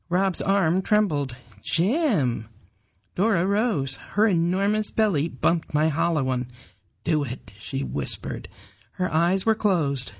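A woman narrating an audiobook in a measured, even storytelling manner. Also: fairly low pitch, vocal fry, highs cut off. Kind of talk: scripted narration.

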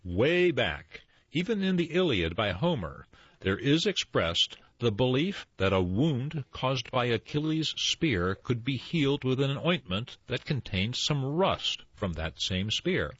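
A male co-host spins a folksy tall tale with a lot of up-and-down movement in his voice. His tone is a little husky. The recording sounds dull and dry. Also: mid-range voice, unhurried, no echo. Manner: animated, expressive storyteller. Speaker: storyteller and co-host. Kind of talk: lively tall-tale storytelling.

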